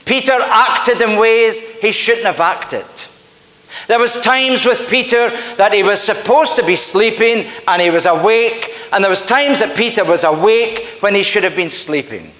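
Man, Scottish accent, pastor, high voice, slow, earnest sermon. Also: pushed and bright. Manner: earnest, emphatic storytelling. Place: church sanctuary. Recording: echoey church hall with long reverb.

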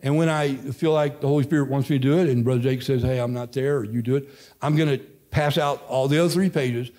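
A Midwestern American man in his fifties leads a casual church Bible study as pastor emeritus. His mid-pitched voice rambles in a folksy way, often stopping partway through a thought and starting over. He speaks to a class gathered in a church room. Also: fairly even intonation, quick pace, a little mellow. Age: 50s. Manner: folksy, rambling, self-interrupting. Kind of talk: informal Bible study teaching.

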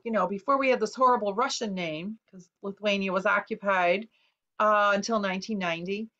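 An earnest woman author recounts a painful family discovery, weaving in quoted dialogue and frequent fillers. Her voice sits slightly high. The recording is muffled and lo-fi. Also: fairly bright tone. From United States. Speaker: author guest. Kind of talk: personal interview storytelling. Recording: dull lo-fi recording.

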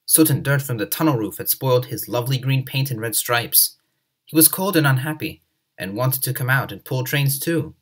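A man reading a children's story aloud in an expressive, lively way. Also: mid-range voice, moderate pace, slightly rough. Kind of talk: scripted narration of a children's story.

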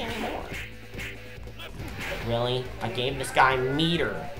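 Woman gamer, higher voice, ranting and cursing through play, game music loud behind. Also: animated, moderate pace, roomy sound. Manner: exasperated ranting, frequent swearing. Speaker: let's play host. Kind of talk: gameplay commentary.

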